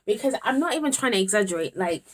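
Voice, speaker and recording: A woman's voice: mid-range voice, lively intonation, quick pace, slight background noise. A young British woman in her twenties, a university student talking candidly and rambling to the camera in a vlog, exasperated and talking to herself at times. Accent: British English. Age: 20s.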